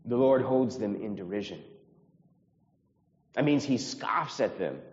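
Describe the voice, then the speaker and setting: An earnest American pastor preaches a sermon to his congregation, his rather low voice moving with lively intonation at a slightly slow pace. He repeats phrases and raises his voice when moved. The sound echoes through a church sanctuary with a long reverb tail and comes across a little dull.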